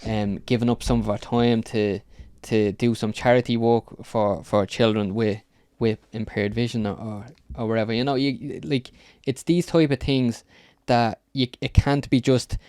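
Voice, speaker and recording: A man's voice: mid-range voice, flat delivery, moderate pace, hardly any pauses, darkish tone, smooth, no room sound, studio quality. A man talking on a podcast, earnest and rambling, with many ums as he feels his way through a point. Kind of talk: casual podcast chat.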